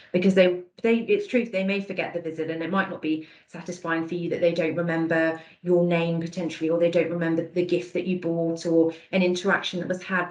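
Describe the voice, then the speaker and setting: Over a video call, a woman with a low voice leads an online dementia awareness training session, the recording rough and reverberant. She is warm, encouraging and conversational, praising the answers people type into the chat.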